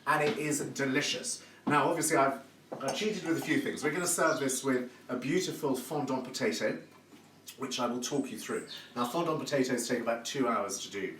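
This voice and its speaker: A man's voice: medium pitch, brisk, a bit bright. A man hosting a live cooking demonstration from his kitchen, chatty and effusive and full of praise words. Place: home kitchen. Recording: echoey room, distant mic, background noise.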